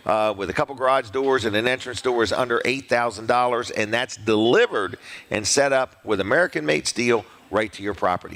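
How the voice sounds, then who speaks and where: Middle-aged man, local show host, folksy and rambling, mid-pitched voice, casual ad reads. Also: a bit bright. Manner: folksy, rambling, repeats phone numbers slowly.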